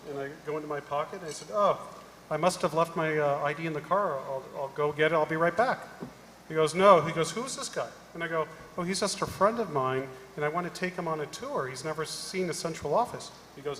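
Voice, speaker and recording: Male panelist, lively storyteller, higher-pitched, roomy hall sound. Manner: animated storyteller acting out dialogue. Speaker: conference panelist. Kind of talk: storytelling talk on stage. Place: large conference hall. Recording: echoey hall, faint noise.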